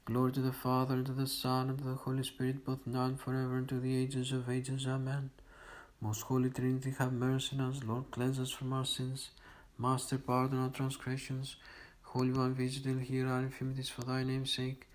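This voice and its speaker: A man reading liturgical morning prayers aloud in a steady, measured recitation. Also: mid-range voice, low-quality recording. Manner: steady monotone recitation on one note. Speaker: liturgical reader.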